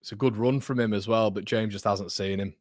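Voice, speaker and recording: A young man hosting a live football watchalong, chatty and excitable, jumping from loud outbursts to muttering. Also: fairly low pitch, brisk, dry recording, studio quality. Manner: excitable, chatty, swings between shouting and muttering. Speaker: watchalong host. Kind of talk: live match watchalong commentary.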